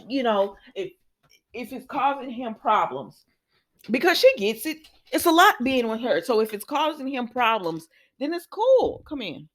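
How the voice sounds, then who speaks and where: A woman chatting casually to her viewers as she recaps a soap opera, laughing often and sounding a little sniffly. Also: a little high. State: sniffly with sinus trouble.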